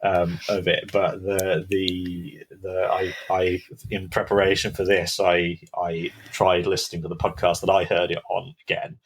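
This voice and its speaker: A man co-hosting a podcast, telling a scary story casually, with hushed build-ups and dramatic pauses. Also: low voice, flat delivery, a little hiss or hum, poor audio. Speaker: podcast co-host.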